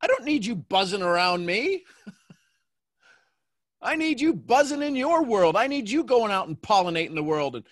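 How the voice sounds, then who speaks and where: A man hosting a coaching call, talking in a playful, animated way and acting out little quotes. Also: high voice, moderate pace, dry recording, clean studio sound. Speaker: host and mentor.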